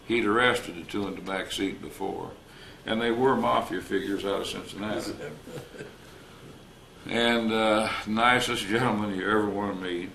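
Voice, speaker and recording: A man's voice: lowish voice, fairly even intonation, moderate pace, creaky, fairly bright tone. Older man, retired wildlife officer, storytelling interview, roomy recording with faint hiss. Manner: folksy, anecdotal, acts out quoted dialogue.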